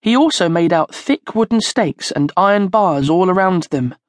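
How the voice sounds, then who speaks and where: A woman narrating a children's storybook in a slow, expressive storytelling manner, close to the mic. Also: fairly low pitch, no echo. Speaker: audiobook narrator.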